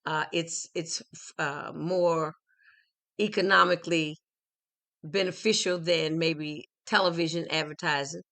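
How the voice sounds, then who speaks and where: A woman hosting an interview, chatty and quick to affirm her guest. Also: low-pitched, fairly even intonation, fairly bright tone. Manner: chatty, affirming with okay and right. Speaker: interview host. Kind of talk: conversational interview.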